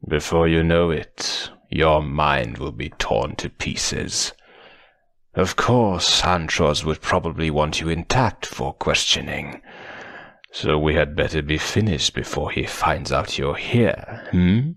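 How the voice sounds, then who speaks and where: Play as a man reading aloud, a cruel armored villain who savors every word. Keep it low, slow and half-whispered, with a mocking sing-song lilt. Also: gravelly, fairly bright tone, no room sound, clean studio sound, full character voice. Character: menacing armored male villain, gloating, cruel.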